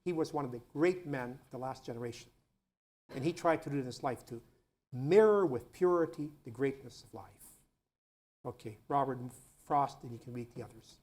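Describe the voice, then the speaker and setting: A man's voice: mid-range voice, lively intonation, moderate pace, darkish tone. A man, a priest, giving an informal talk to students, telling earthy stories in a conversational way and tossing in "you know" often. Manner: earthy, chuckles between points.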